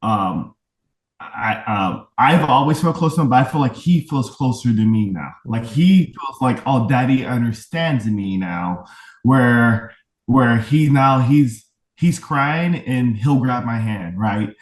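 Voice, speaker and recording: Slow and mid-range, with lively intonation, this man talks as an interview guest about being a father to autistic twins. He is reflective and earnest, fond of tag questions like "right?", and the candid conversation is recorded roomily, at a distance from the mic.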